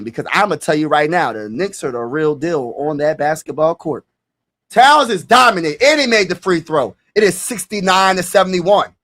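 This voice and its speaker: High-pitched guy doing live play-by-play, hyped, yells on big plays, slangy. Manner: excitable, hypes viewers, bursts into shouts; casual slangy talk. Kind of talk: live play-by-play commentary with reactions.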